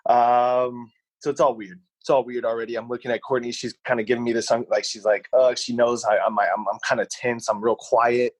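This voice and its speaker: Speaking a little fast at medium pitch, a young man co-hosting a podcast tells a casual, rambling personal anecdote full of voiced quotes. There's no echo, but the recording is rough.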